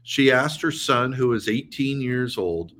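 A man talking as a guest in a casual political chat, measured and reflective, with many fillers. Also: mid-range voice, a bit bright, slight background noise.

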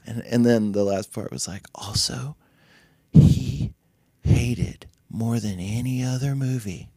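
A man's voice: mid-range voice, takes it slowly, dark tone, husky, no echo, clean studio sound. A man, a podcast guest, telling a long story in casual chat, acting out the voices and laughing often, with a loose manner that swears freely. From Nashville music scene.

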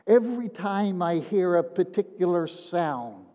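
An older man, a retired minister, giving a personal testimony, halting and repeating words, often dropping to a hushed tone. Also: high voice, big pitch swings. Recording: long reverb of a large hall.

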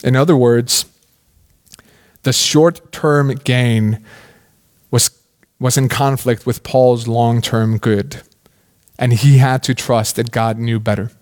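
A man's voice: mid-range voice, fairly even intonation, slow, pauses often, a little mellow. A man preaching a sermon in a casual, conversational way, asking many questions and often saying "like". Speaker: pastor.

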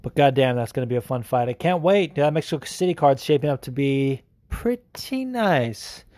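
A man's voice: mid-range voice, animated, normal speed, darkish tone, no echo. A man hosting a podcast, talking casually with lots of fillers and swearing. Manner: profane, rambling, with many fillers. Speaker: podcast host.

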